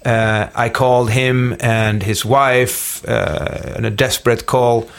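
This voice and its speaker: A man's voice: mid-range voice, fairly even intonation, takes it slowly, gravelly, smooth. Rambling Swedish-accented man telling stories. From Sweden. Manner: rambling, many fillers and restarts. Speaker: rock musician guest. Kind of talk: casual interview storytelling.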